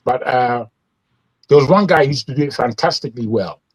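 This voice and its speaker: A man's voice: medium pitch, expressive, fairly quick, slightly rough, rough recording. A man hosting an opinionated news commentary show, talking in an indignant, rambling way with frequent restarts. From England. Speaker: host.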